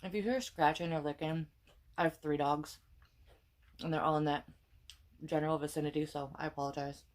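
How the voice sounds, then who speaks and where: Brisk and steady, a deep-voiced young woman from Wisconsin chats casually as she cooks for her vlog. She's pregnant and tired, wanders off on tangents, and swears here and there.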